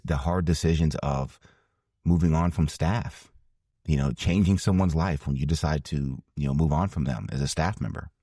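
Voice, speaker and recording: A man's voice: extremely low pitch, mellow, breathy edge, no room sound, studio quality. A man in his forties telling a heartfelt story as a podcast guest, earnest and emphatic, often repeating phrases for weight. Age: 40s. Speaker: podcast guest, former ballplayer and broadcaster. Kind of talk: storytelling interview answer.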